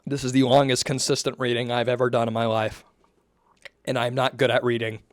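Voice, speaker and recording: A man's voice: medium pitch, level tone, a little fast, dry recording. A man reading a long document aloud to his viewers, stumbling, correcting himself and adding apologetic casual asides. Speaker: commentator reading a document on stream.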